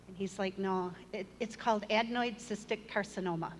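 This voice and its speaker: In a church hall, a middle-aged woman shares her personal testimony, earnest and story-driven, with a touch of self-deprecating humor. Her medium-pitched voice is steady and fairly quick. The recording has long hall reverb and faint room noise.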